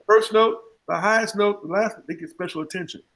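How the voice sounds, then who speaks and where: A man teaching jazz articulation in an online clinic, breaking into scat syllables to demonstrate rhythms in a lively, humorous way over a video call. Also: sits high, a little fast, low-quality recording. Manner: scat-sings rhythm examples between explanations. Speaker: jazz music educator. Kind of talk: online music clinic lecture.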